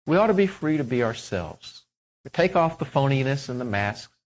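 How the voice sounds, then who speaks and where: A man preaching a sermon, swinging from loud emphatic peaks to soft, hushed lines. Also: medium pitch, very animated, normal speed, poor audio. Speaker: pastor.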